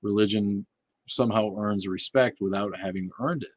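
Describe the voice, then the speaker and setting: Man, low-pitched, livestream host, casual chat, blunt, profane, lots of fillers, dry sound. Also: normal speed, no room sound.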